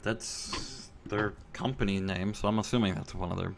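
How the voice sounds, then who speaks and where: Low gravelly laid-back man. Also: fairly even intonation, normal speed. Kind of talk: casual chat.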